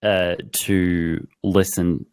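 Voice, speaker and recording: A man's voice: deep voice, little pitch movement, very slow, darkish tone, smooth, no echo. A man guest on a podcast, telling stories in a reflective, conversational way and acting out his horse's thoughts. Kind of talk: conversational storytelling.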